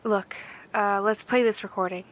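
A woman's voice: medium pitch, fairly even intonation, normal speed, lightly acted. A woman playing a weary, shaken bunker engineer in a horror audio drama.

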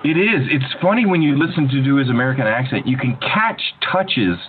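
A man in casual interview chat, an animated storyteller who often restarts his sentences. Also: medium pitch, brisk. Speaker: voice actor guest. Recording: tinny phone-like line with faint hiss.

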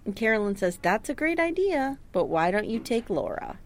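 A woman in her thirties co-hosting a casual chat, animated and sarcastic as she recounts scenes and acts out lines. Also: fairly high pitch, moderate pace. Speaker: podcast co-host recapping a TV episode.

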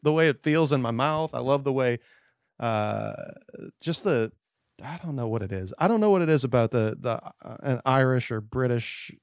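A man hosting a podcast, talking in a loose, profane way that often trails off into quieter asides. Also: medium pitch, clean tone, no echo, studio quality. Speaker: podcast host. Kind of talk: casual podcast chat.

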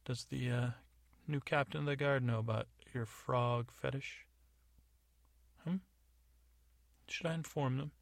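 A man's voice: medium pitch, unhurried, vocal fry, pauses often, no echo, pitched above the performer's own voice. Man doing a scheming haughty stepmother. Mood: sly. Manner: imperious, scheming. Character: scheming haughty stepmother, middle-aged woman.

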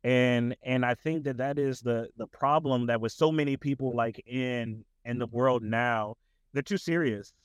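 A young man talking as a podcast guest in a relaxed, rambling way, full of fillers. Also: mid-range voice, measured pace, smooth, no room sound. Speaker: tutoring business owner, guest. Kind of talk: casual interview conversation.

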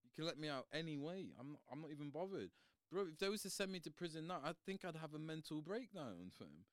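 A young man chats casually and spins stories, bouncing all over his range. He speaks in a fairly high voice and slips into quoted voices. The room is dry and close. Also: quick pace, no room sound. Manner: animated storytelling with slang, acting out quotes. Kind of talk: casual chat.

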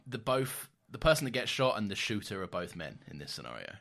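A man's voice: fairly low pitch, big pitch swings, brisk, vocal fry, a bit bright. A man co-hosting a podcast in casual chat, laughing often and restarting his sentences. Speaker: podcast co-host.

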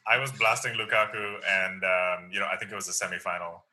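Low-voiced man talking fast. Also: fairly even intonation, bright, forceful tone, low-quality recording. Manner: quick, loose, joking. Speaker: podcast co-host. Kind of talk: casual football chat.

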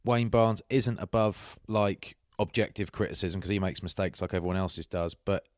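Man, low-voiced rapid storyteller, close dry mic. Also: no room sound. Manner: rapid, animated storytelling with put-on quotes. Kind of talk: casual banter.

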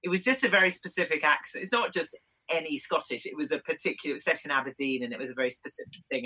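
A woman's voice: sits low, fast, sharp tone, husky, low-quality recording. A British woman, an actress, giving chatty, thoughtful interview answers with frequent small laughs and restarts. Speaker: actress guest.

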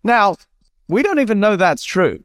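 A man's voice: sits high, sing-song, normal speed, no room sound, studio quality. A man, a podcast guest, talking bluntly and animatedly, ranting a little, with casual swearing. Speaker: guest, mindset coach. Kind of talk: casual conversational interview.

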